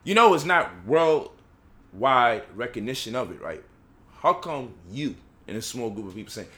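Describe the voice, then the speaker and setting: A man's voice: medium pitch, sing-song, normal speed, fairly bright tone. A man giving an impassioned lecture, firing rhetorical questions and mocking the voices he quotes. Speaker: speaker leading a discussion.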